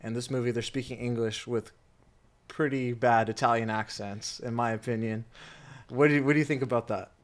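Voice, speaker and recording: A man's voice: medium pitch, steady tone, a little fast. A young man co-hosting a casual movie review chat, asking curious questions and reacting with laughs. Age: young adult.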